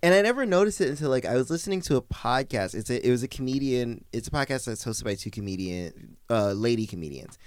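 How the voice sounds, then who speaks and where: A man's voice: medium pitch, lively intonation, fast talker, clean tone, no room sound, studio quality. A young man co-hosting a podcast in casual chat, rambling with many fillers and mocking asides. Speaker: podcast co-host.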